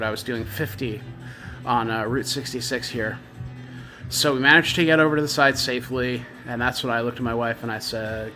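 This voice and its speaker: A man's voice: mid-range voice, normal speed, sharp tone. A middle-aged man hosting a casual garage vlog, chatty and self-deprecating, telling his story with animation. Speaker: garage tuning channel host. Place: home garage. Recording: music playing behind in garage. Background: music.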